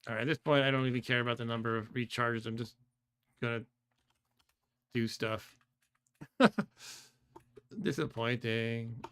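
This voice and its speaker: A man talks through his game on a live stream, thinking out loud and trailing off mid-thought. His voice is bright and crisp. He laughs often, reads chat aloud, and keyboard typing clicks along underneath. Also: mid-range voice, measured pace, pauses often. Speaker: streamer playing a computer game. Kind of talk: casual live-stream commentary.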